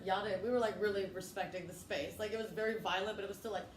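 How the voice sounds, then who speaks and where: A woman's voice: mid-range voice, steady tone, quick pace. A woman comedian telling a wild family story in casual chat, brash and profane, acting out the quotes. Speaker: comedian guest. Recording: echoey room with faint noise.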